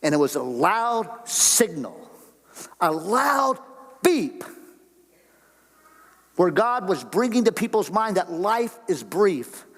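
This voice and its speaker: A man's voice: sits high, big pitch swings, unhurried, few pauses, in a large hall, low-quality recording. An older man preaching a sermon to a church congregation in a folksy, conversational way, full of rhetorical questions. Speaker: guest speaker on missions. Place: church sanctuary.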